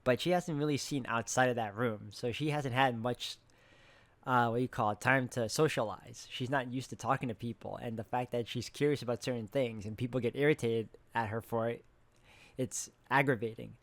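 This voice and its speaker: A man's voice: mid-range voice, steady tone, normal speed, no room sound. A man hosting a gaming channel, reading a visual novel aloud and stopping to comment in a casual, musing way with fillers. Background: music.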